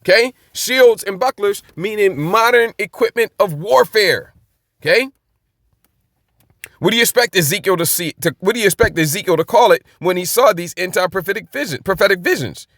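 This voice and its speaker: A man's voice: sits high, expressive, normal speed, fairly bright tone, no echo, studio quality. A man giving casual Bible commentary, emphatic and rhetorical, often checking in with "okay?". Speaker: Bible teacher.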